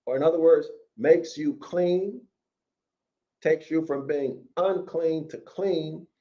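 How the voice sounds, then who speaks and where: A man lecturing, reading scripture aloud and commenting on it in an emphatic, deliberate way, calling his listeners "y'all", with a voice that is giving him trouble. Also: fairly high pitch, mellow. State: voice troubled, needs water. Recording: dull lo-fi recording.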